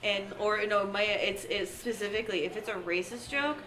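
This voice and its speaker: A woman's voice: mid-range voice, steady tone, normal speed, heavy background noise. A woman in a casual group discussion, talking earnestly and often restarting her sentences. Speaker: discussion participant. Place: outdoor event with crowd nearby. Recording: crowd chatter behind.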